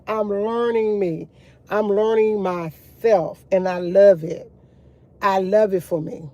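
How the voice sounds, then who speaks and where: A woman's voice: medium pitch, darkish tone, dry recording. A woman vlogger talking casually to her viewers about faith, rambling with many restarts and addressing them as y'all. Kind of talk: casual faith chat to camera.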